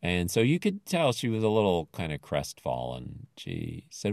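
A man's voice: sits low, wildly swooping pitch, moderate pace, creaky, few pauses, darkish tone, dry recording, clean studio sound. A man casually retelling a television episode in a rambling, thoughtful way with many fillers.

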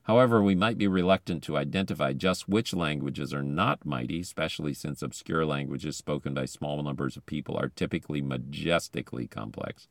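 A man with a notably low, deep voice reads an article aloud, stopping now and then for eager, chatty asides. He sounds close and dry, seated in a car with no room echo. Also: fairly quick, hardly any pauses. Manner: chatty, enthusiastic commentary between quoted passages. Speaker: podcast host.

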